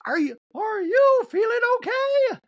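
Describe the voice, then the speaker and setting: Shrill wide-eyed socialite lady, as a man puts her on, breathless and gushing, dry close sound. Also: very animated, unhurried, no room sound, highs cut off, full character voice. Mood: fussing. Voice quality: very high falsetto. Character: shrill gushing rich woman, starry-eyed.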